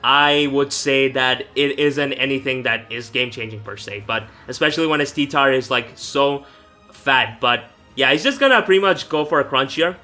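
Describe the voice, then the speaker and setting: A man's voice: medium pitch, normal speed, bright, forceful tone. A young man giving casual, rambling commentary on his own competitive game match, correcting himself often and swearing casually. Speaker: gaming YouTuber. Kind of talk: casual live gameplay commentary. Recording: faint background music.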